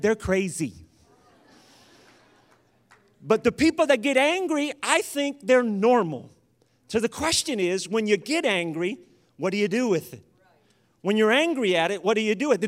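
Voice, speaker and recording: A man preaching a sermon as pastor, moving between loud rhythmic prayer and conversational, joking asides to the congregation. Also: high voice, lively intonation, moderate pace.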